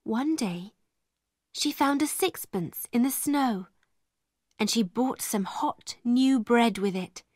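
Woman reading a story really slow and clear, kinda high voice, dry sound. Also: lively intonation, a little mellow, no room sound. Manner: clear and deliberate. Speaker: narrator. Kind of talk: slow storybook narration for English learners.

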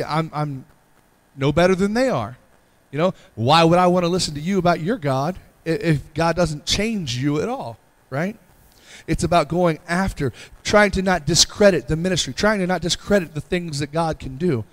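Earnest man preaching a sermon, slightly high voice. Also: normal speed. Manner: earnest, repetitive pleading delivery with frequent "Amen". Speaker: pastor.

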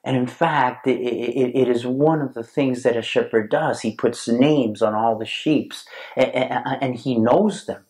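Male pastor, mid-pitched, unhurried sermon delivery, halting and emphatic. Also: darkish tone. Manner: slow and deliberate, with frequent fillers and repeated words; stresses key words, reads Bible verses aloud.

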